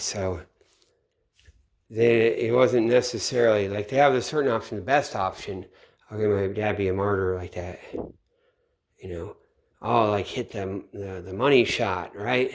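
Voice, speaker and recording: A middle-aged man giving a rambling late-night monologue, swearing often and trailing off into low mutters. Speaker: channel host. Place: home at night.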